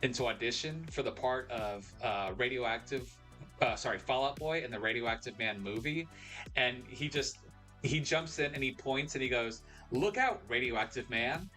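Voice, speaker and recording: A man's voice: medium pitch, normal speed, sharp tone, faint music behind. A young man hosting a casual live stream, rambling and correcting himself as he reads out chat messages.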